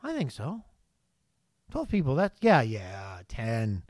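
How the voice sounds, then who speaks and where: A man's voice: medium pitch, huge pitch swings, slow, no room sound, clean studio sound. A man preaching a conversational sermon, reading scripture and asking the congregation questions. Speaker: pastor.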